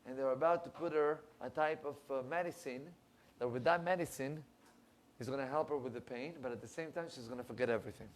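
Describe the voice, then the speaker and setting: A rabbi telling a story, animated and acting out the people in it. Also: male voice, brisk, slight background noise. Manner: animated storyteller, acts out quoted voices, rising pitch in emotional lines. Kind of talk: storytelling sermon. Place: synagogue.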